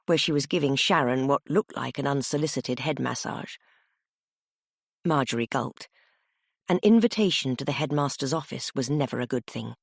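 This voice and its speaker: A woman narrating a cozy mystery audiobook in an expressive, animated storytelling manner. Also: rumbling low, moderate pace, creaky, no echo, clean studio sound.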